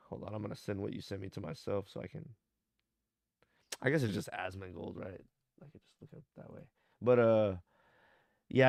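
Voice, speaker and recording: A man's voice: lowish voice, vocal fry, a little mellow, smooth, no room sound, clean studio sound. A young man chatting casually on a podcast, laid-back and rambling, swearing and saying "like" a lot. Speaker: podcast co-host. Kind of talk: casual chat.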